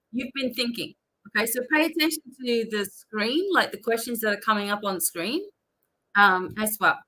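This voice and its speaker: A woman's voice: on the high side, sharp tone. A woman hosting a live-stream psychic reading, chatty and instructive, with many fillers. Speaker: psychic reader.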